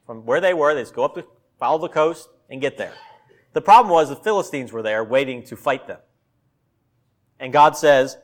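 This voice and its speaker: A man's voice: medium pitch, normal speed, long pauses. A man preaching a sermon in a conversational way, acting out quotes with a sarcastic tone. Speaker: pastor.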